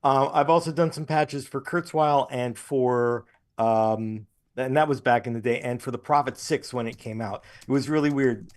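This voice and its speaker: Guest voice: easygoing man, mid pitch, rambling storyteller on a video call. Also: normal speed, few pauses. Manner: relaxed anecdotal storyteller, many restarts. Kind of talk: casual interview storytelling.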